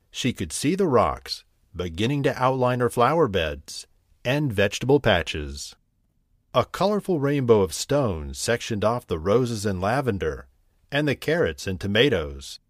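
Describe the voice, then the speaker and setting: A man narrating a bedtime story, gentle and very slow. His voice sits fairly low but moves through lively swings in pitch. The sound is dry and close, with no room around it. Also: dry recording. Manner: gentle, unhurried, expressive reading.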